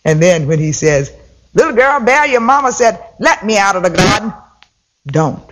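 A man's voice: high-pitched, very animated, moderate pace, fairly bright tone. A man voicing a huge, stern mother bear in a folktale, firm and commanding.

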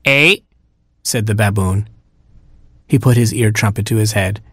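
A man narrating a children's storybook in a measured, gently humorous way. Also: lowish voice, level tone, slightly rough, no echo, clean studio sound. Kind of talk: storybook reading.

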